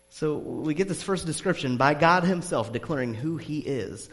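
A male pastor preaching a sermon in a church, chatty and animated, with many fillers. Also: fairly high pitch, moderate pace, hardly any pauses. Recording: long hall reverb.

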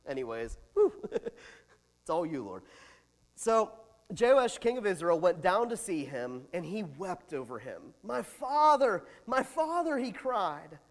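A man pastor preaching a sermon, animated, with big swings in loudness and chatty asides. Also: high voice, in a large hall.

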